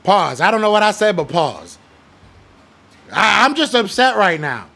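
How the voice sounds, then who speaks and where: A young man with a high, bright voice and a gravelly fry, ranting about sports. He talks blunt and slangy, hammering his points with fired-up emphasis between chat shout-outs. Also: big pitch swings, a little slow. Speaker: podcast host. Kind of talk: heated sports rant, reading live chat.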